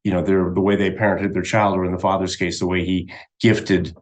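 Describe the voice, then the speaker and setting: Man attorney on a panel, low voice, measured and a bit hesitant. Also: level tone. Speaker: attorney guest. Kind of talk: panel discussion.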